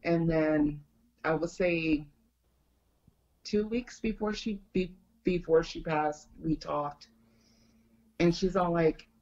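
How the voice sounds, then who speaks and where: A woman's voice: lowish voice, steady tone, slow pace, pauses often, a little mellow, dull audio. A middle-aged woman, a guest, casually telling a story and quoting a friend over and over. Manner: chatty, retells a friend's words with many "she goes". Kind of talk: casual storytelling on a video call.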